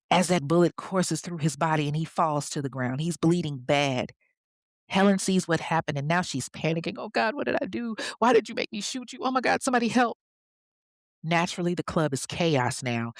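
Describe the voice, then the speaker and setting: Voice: mid-range voice, no room sound, clean studio sound. A podcast host narrating a true-crime story in a chatty way, with conversational asides.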